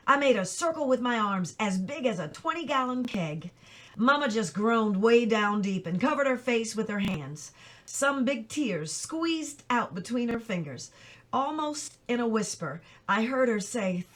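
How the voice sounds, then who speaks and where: A woman reads a novel chapter aloud at a steady storytelling pace. Her voice sits a touch above middle pitch for a woman. She stumbles now and then and corrects herself without fuss. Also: unhurried. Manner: plain, steady storytelling with small slips. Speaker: reader.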